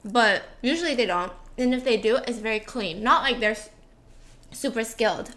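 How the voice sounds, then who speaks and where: A woman host telling a true-crime story in a chatty, animated way, full of "like" and asides. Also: fairly high pitch, moderate pace.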